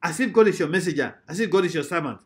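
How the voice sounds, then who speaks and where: A man's voice: fairly high pitch, lively intonation, rapid-fire. A male pastor, preaching a sermon emphatically, with repeated rhetorical questions.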